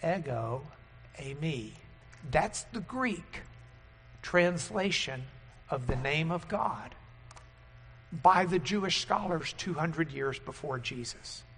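A man preaching a sermon and teaching at a board, emphatic and loud on key words. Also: on the high side, animated, slow, long pauses, breathy edge, in a large hall.

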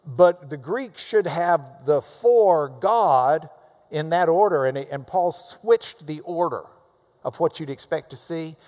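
A man preaching with a high, lively voice that leaps up and down in pitch. He delivers the sermon emphatically, swinging from loud urging to hushed asides. His voice rings with the long reverb of a big church hall. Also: slow pace.

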